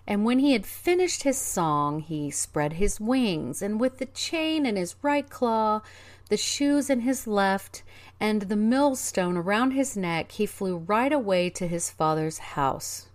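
A woman narrating a fairy tale in a measured, expressive reading. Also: mid-range voice, slight background noise. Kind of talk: storybook narration.

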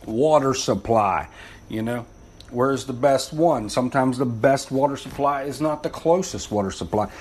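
Blunt, foul-mouthed male fire instructor with an average-pitched voice, rambling through a casual lesson. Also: moderate pace, a little mellow, slightly rough. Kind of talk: informal spoken lesson.

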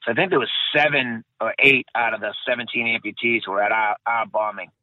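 A man's voice: lowish voice, steady tone, brisk, dry recording. A man recounting his experience in a casual interview, rambling and correcting himself as he goes. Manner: rambling, self-correcting, repeats phrases. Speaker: guest, bombing survivor. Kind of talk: casual interview, personal account. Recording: dry tinny phone-like sound.

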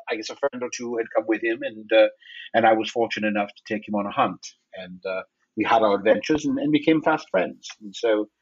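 A man's voice: mid-range voice, breathy edge, natural voice. A man voicing a genteel older male big-game hunter who talks politely and rambles with many restarts, in a tabletop game. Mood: courtly. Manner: courteous, rambling, hesitant with repeats. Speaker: player. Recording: dull lo-fi mic.

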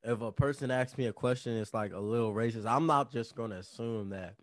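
A man's voice: mid-range voice, a little fast, no room sound. A young college-age man co-hosting a podcast, talking bluntly and emphatically with heavy swearing. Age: young adult. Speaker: podcast co-host. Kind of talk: casual chat.

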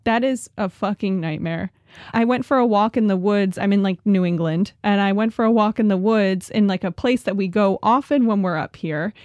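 A woman's voice: mid-range voice, normal speed, a little mellow, no echo, lo-fi sound. A woman co-hosting a podcast, reacting with dramatic, exasperated outbursts and freely swearing. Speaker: podcast co-host. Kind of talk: casual comedic chat.

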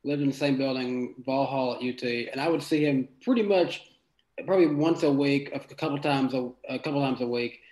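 A man co-hosting a casual chat, telling stories quickly with many restarts. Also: medium pitch, darkish tone, reverberant, rough recording. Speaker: co-host.

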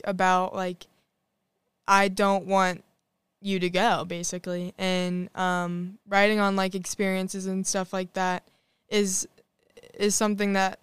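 A woman's voice: medium pitch, smooth, no room sound. A young woman, a singer-songwriter guest, talking casually in an interview with frequent "like" fillers.

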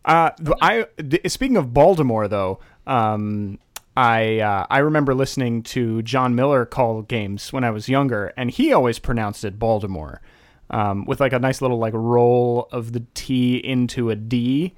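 A man in casual podcast chat, laughing often and halting with fillers and restarts. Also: mid-range voice, no echo, studio quality.

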